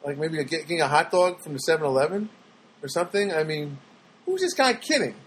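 Sarcastic, rambling man with a high voice. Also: big pitch swings, quick pace, slight background noise, poor audio. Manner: sarcastic, exasperated ranting; rambling with restarts. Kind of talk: storytelling monologue.

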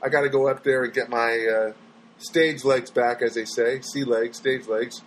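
A man's voice: medium pitch, fairly even intonation, moderate pace, slight background noise, low-quality recording. A man talking casually on his own as a stand-up comedian, rambling and chatty, often trailing off and restarting his sentences. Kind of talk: casual solo monologue.

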